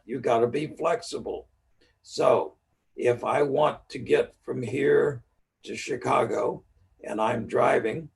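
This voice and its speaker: In a live-streamed lecture, a man teaches neurolinguistic programming, using stories and repeating the key ideas. His mid-range voice is gravelly and husky yet a little mellow, recorded from a distance in rough audio.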